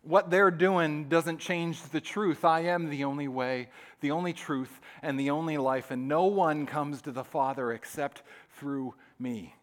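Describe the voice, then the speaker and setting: A man voicing God as a calm, reassuring, fatherly figure, quiet and steady. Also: fairly high pitch, a little slow, pitched below the performer's own voice, lightly acted.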